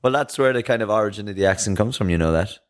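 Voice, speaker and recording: A man's voice: fairly low pitch, rapid-fire. A young man co-hosting a podcast, chatting casually in a laid-back way and swearing freely. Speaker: podcast co-host. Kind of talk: casual chat.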